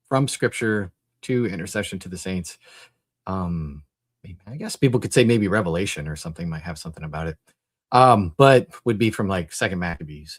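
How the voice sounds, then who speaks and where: Low-voiced man hosting a casual live stream. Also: no echo. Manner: rambling, thinks aloud with many fillers. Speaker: host of a Christian apologetics call-in stream.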